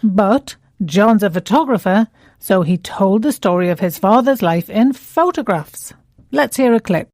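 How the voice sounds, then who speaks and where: Slow, careful woman teaching English. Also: mid-range voice, lively intonation, darkish tone, no room sound, clean studio sound. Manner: clear, deliberate, stretches words out to show stress. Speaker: English lesson presenter. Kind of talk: scripted educational dialogue.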